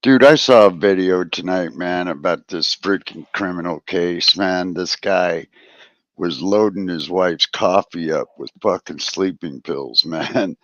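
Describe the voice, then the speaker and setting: A man's voice: low voice, measured pace, no room sound, lo-fi sound. A laid-back man telling a story in a casual chat on a live stream, full of swearing and "man" and "dude.".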